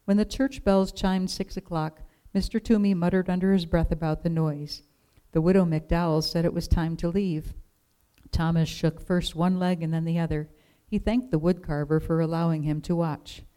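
A woman reading a children's storybook aloud in a gentle, measured way. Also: on the low side, fairly even intonation, smooth, low-quality recording.

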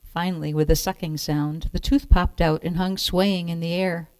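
A woman reads a picture book aloud, clear and measured. Her voice sits a little low, and the sound is dry and close. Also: fairly even intonation, a little mellow, no room sound. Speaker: storyteller.

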